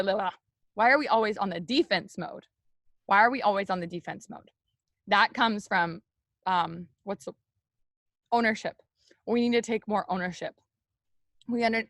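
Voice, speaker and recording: A young woman leading a team, giving a loud, energetic, chatty motivational talk straight to her viewers on a live stream. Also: mid-range voice, no room sound, studio quality. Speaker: network marketing team leader on a live stream.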